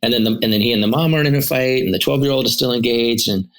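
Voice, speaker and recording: Talking very fast, a podcast co-host who works as a therapist rambles through his stories, frequently restarting and dropping fillers. The pitch is medium, the tone fairly bright, and the sound quality poor.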